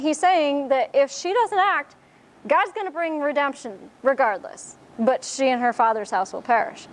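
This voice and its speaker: A woman teaching a Bible study sermon in a conversational way, with frequent fillers and restarts. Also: high-pitched. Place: church.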